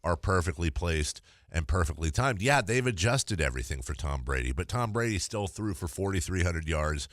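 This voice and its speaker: A man's voice: sits low, lively intonation, moderate pace, hardly any pauses, fairly bright tone, dry recording, studio quality. A man hosting a sports radio show, talking casually and laughing often.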